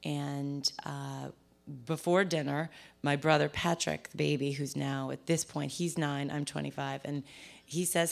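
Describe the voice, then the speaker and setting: A woman's voice: low voice, steady tone, a little slow, creaky. A woman from the East Coast of the US telling a personal story before an audience, conversational and self-deprecating, often restarting her sentences.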